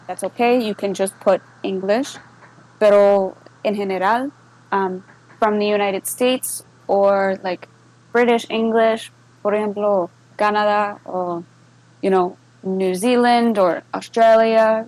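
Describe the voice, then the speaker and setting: A woman moderator talks through a screen-share walkthrough, easy and unhurried. She slips back and forth between English and Spanish and keeps checking that listeners follow with a quick "okay?". Her voice sits at a middle pitch. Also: rough recording. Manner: relaxed, with many fillers. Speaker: server moderator explaining a bot. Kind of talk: casual screen-share tutorial.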